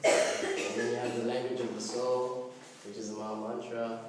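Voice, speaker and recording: A man giving a devotional class in casual storytelling style, animated and laughing often as he acts out voices. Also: mid-range voice, moderate pace, over a noisy crowd. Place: temple hall. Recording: echoey hall, mic at a distance.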